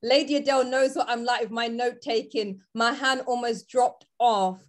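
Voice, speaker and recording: Woman, panel guest, earnest articulate tone, fairly high voice, video call. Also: fairly even intonation, normal speed. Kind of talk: heartfelt live discussion.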